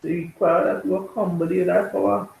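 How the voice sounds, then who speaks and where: A man teaching scripture in a group discussion, reading verses slowly and deliberately before explaining them. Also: high voice, flat delivery, creaky, darkish tone, roomy sound, rough recording.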